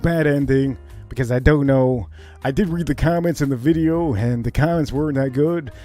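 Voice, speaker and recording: A man hosting a livestream, telling a story in a casual, profane, animated way and acting it out. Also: mid-range voice, normal speed, soft background music. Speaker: livestream host.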